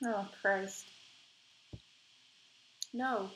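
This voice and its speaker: Woman doing let's play commentary, mid-pitched, blunt and swears freely, faint hiss. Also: a little fast, rough recording. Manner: animated, swears freely, indignant outbursts. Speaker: gamer playing a dating game.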